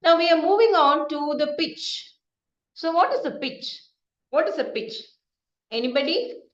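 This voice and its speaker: A woman with a high voice leads a lively speaking lesson, putting questions to the group and acting out sample lines. The sound is muffled and echoes around the room. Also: a little slow. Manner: lively, asks the group questions, acts out example sentences. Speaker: speaking coach. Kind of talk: interactive online teaching session.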